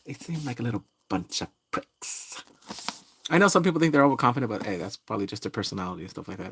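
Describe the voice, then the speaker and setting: A man chats loosely as a pop culture vlogger, full of teasing asides and jokes. His voice sits in an ordinary middle pitch but swings up and down with animation. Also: sing-song, fast talker, vocal fry, fairly bright tone, slightly rough. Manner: playful, jokey, chatty. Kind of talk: casual commentary.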